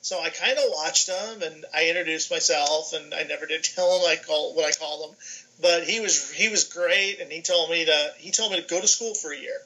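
A middle-aged man from New York, a guest on a video call, telling lively stories and acting out the dialogue in them. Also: a little high, brisk, a little hiss or hum, low-quality recording. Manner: animated, acts out dialogue in his anecdotes. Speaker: guest, sports information director. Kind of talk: casual storytelling on a podcast.

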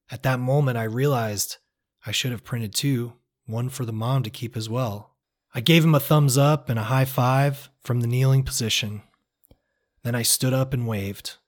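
Man, mid-pitched, narrating his own travel tale; unhurried, reflective and earnest, an even storyteller's read. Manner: reflective, measured, quietly earnest. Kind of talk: first-person story narration.

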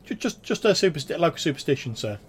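A man's voice: a little high, sing-song, fast, pitched above the performer's own voice. A man voicing a chatty young serving lad who confides local superstitions to a guest.

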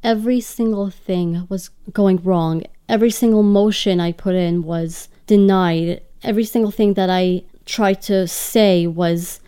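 A woman's voice: medium pitch, fairly even intonation, measured pace, hardly any pauses, dark tone, clean tone. Earnest woman recounting a hard time. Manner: earnest and emotional. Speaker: interview guest. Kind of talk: personal storytelling.

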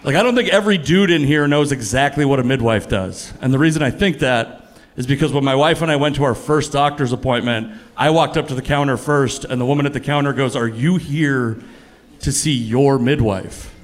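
A man in his thirties performing a stand-up comedy set on a club stage, with a punchy, animated delivery that jumps up on the punchlines. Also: medium pitch, fast talker. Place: comedy club stage before a laughing audience.

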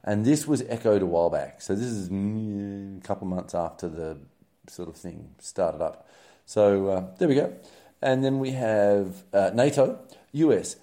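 A man with a lowish, mellow voice casually runs through the week's news headlines. As a news commentary host, he's wry and sarcastic, rambling with lots of ums and uhs.

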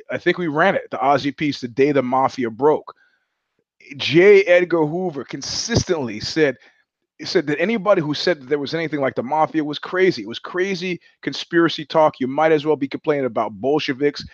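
A man hosting his own podcast, talking through a film in an animated, digressive way and acting out the lines of its characters. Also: a little high, dry recording, dull audio. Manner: animated, digressive storyteller who acts out quotes. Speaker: podcast host. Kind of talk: solo monologue about film. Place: home room.

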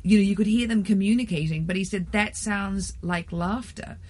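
Husky-voiced person telling an anecdote. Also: medium pitch, normal speed, darkish tone. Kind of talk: casual chat.

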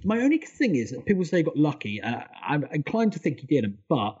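A man co-hosting a casual football podcast, talking quickly and eagerly through detailed points. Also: fairly high pitch, sing-song, a little mellow, husky, muffled recording. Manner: fast, enthusiastic, detailed storytelling. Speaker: podcast co-host.

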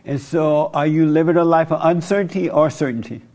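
A man's voice: fairly high pitch, brisk, darkish tone. A man interviewing people, pressing them with repeated probing questions.

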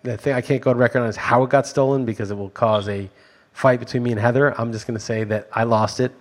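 A middle-aged man co-hosting a chatty podcast. He talks quickly and bluntly, with frequent profanity and emphatic, ranting delivery in a plain mid-range voice. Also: mid-range voice, steady tone. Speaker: podcast co-host. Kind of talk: casual chat.

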